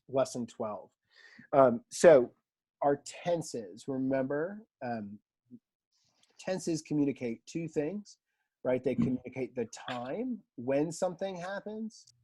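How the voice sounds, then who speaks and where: A man teaching a language class in a relaxed lecture style, chatty and self-deprecating, often quizzing his students. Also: mid-range voice. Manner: conversational, self-deprecating, asks the class questions. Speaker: Greek teacher.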